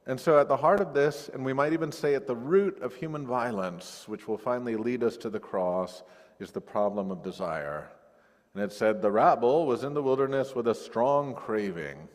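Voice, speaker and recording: A male pastor giving a sermon in a conversational, lively way, recorded over a video call. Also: medium pitch, normal speed, long reverb tail. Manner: conversational, animated when acting out quoted voices. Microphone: recorded via video call.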